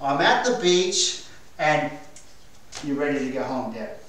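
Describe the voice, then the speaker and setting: A man acting out a playful dog that is at the beach, in a slow voice. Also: a little high, very animated, fairly bright tone, very echoey, recorded from a distance, a little hiss or hum, rough recording.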